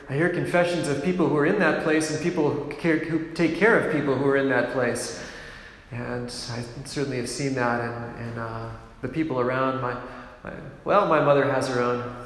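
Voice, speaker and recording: A man, a priest from a monastic order, giving a gentle, reflective sermon, unhurried and often breaking into soft laughs. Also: medium pitch. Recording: very echoey hall with long reverb, faint room noise.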